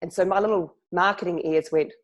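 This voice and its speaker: A woman from New Zealand with a New Zealand accent, a marketing speaker talking fast and laughing often as a podcast guest. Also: fairly low pitch, steady tone. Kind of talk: casual podcast interview.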